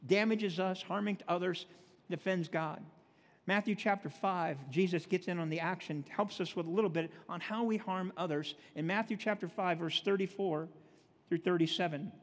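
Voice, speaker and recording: High-voiced male pastor in echoing hall. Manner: reads scripture slowly, then talks plainly with folksy asides. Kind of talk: sermon. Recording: long reverb of a large hall.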